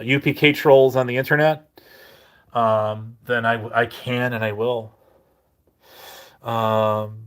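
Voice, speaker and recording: A man chatting with viewers on a live stream, rambling and self-mocking with halting restarts and frequent laughs, his mouth dry and his voice turning crackly. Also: mid-range voice, a bit bright.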